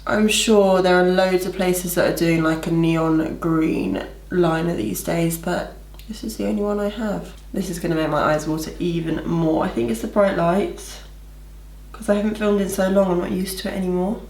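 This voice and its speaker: A woman's voice: lowish voice, fairly even intonation, normal speed, a little mellow, roomy sound. A young woman chatting her way through a makeup tutorial in a bubbly, gushing manner. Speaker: makeup vlogger. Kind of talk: casual makeup tutorial narration.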